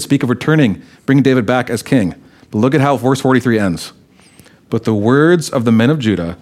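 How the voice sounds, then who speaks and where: A pastor preaching a sermon, who reads scripture aloud and then explains it in a conversational way, his voice rising when he quotes the tribes' arguments. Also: mid-range voice.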